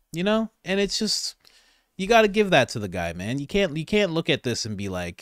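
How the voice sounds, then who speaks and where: A man hosting casual political commentary, sarcastic and animated, rambling and restarting his sentences. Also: a little high, moderate pace, no room sound, studio quality. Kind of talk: casual commentary on news clips.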